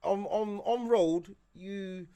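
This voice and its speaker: A man's voice: high-pitched, slow, mellow, clean tone. A man, a podcast guest joking and riffing in casual banter. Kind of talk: casual chat.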